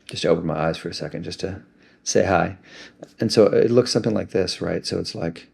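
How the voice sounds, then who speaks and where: A man gently and reflectively talking through an emotional self-help practice. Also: sits low, fairly quick, creaky, slightly rough.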